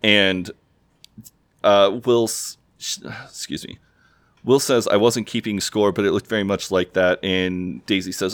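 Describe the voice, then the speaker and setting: A man's voice: lowish voice, level tone, a little slow, a bit bright, no room sound. A man co-hosting a casual podcast, recapping a TV episode and briefly acting out the characters' lines. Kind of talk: casual chat.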